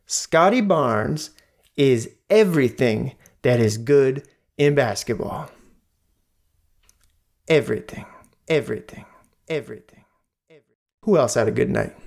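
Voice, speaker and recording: A male podcast host breaks down a basketball game on his own. He is animated and repeats lines to drive his points home. His delivery is unhurried and drawn out. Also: medium pitch, vocal fry. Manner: animated, repeats lines for emphasis, mock voices. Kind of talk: solo sports podcast commentary.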